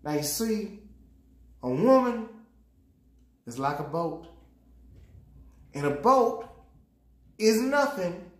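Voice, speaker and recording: A man's voice: high-pitched, big pitch swings, slow pace, pauses often, voice pushed up, heavily acted. A man putting on a folksy Virginia drawl. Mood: mock-solemn. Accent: put-on Virginia Southern drawl. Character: folksy Virginia man reciting an old family saying. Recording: roomy echo.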